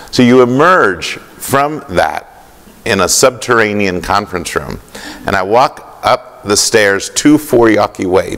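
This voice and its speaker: Gravelly-voiced man telling a story in a hall. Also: deep voice, a bit bright. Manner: vivid anecdotal storytelling with pauses. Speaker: keynote speaker. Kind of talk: storytelling keynote speech. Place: conference hall. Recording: long hall reverb.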